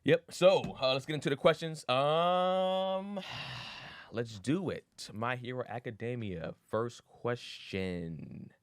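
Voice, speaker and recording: In a dry, studio-quality recording, a medium-pitched man speaks slowly as he co-hosts an anime podcast. He retells episodes in slangy, casual chat, acting out characters' lines with voiced impressions and swearing frequently.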